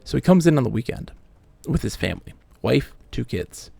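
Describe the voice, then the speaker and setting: A man in his late thirties streams a game from home and tells stories as he plays. His voice sits at an ordinary pitch with a gravelly edge. He talks animatedly, acts out the people he quotes, and swears casually. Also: expressive, moderate pace, dark tone, no room sound. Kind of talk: casual storytelling while gaming.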